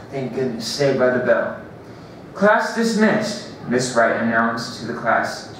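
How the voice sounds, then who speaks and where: A man's voice: medium pitch, flat delivery, fairly bright tone, a little hiss or hum. Man reading his story in an echoey hall. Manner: halting, restarts and corrects himself. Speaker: open mic reader. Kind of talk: reading own story aloud. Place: library event room. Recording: very echoey room, distant mic.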